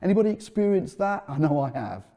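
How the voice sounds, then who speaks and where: A middle-aged man preaching a sermon as a pastor, telling stories and dropping into a soft, earnest tone. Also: high voice, big pitch swings, quick pace. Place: church. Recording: echoey hall. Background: long hall reverb.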